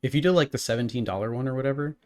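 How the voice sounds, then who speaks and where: A man co-hosting a podcast in casual chat, relaxed and full of filler words. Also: medium pitch, very fast. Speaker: podcast co-host.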